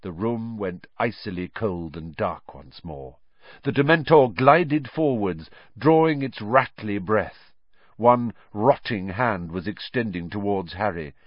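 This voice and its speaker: A man narrating a fantasy story aloud with expressive, storytelling delivery, on a dull, dry recording. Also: on the low side, no echo. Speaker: audiobook narrator. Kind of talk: scripted narration. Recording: dull, dry studio audiobook.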